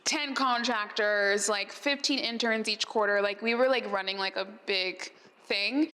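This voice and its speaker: A woman's voice: mid-range voice, a little slow, bright, forceful tone. A woman hosting a podcast who answers questions at a live gathering, telling stories in a chatty way full of "like" fillers and laughs. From Arizona, USA. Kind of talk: storytelling Q&A talk. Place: event space. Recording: long reverb in a hall.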